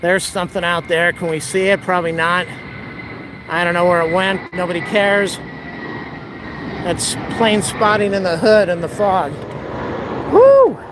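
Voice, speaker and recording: A man's voice: sits high, level tone, normal speed. Breathless man vlogging while walking uphill. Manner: chatty, rambling, exclaims often. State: out of breath, overheated. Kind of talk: casual walking vlog. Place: outdoors on a city street near an airport. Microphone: camera held while walking. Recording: outdoor street noise.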